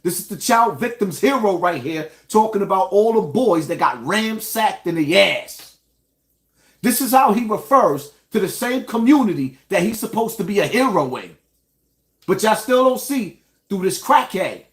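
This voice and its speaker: High-ish voiced host guy from new york, venting to his viewers. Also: very animated, normal speed, fairly bright tone. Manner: indignant, addresses viewers directly. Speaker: online show host. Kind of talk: commentary rant.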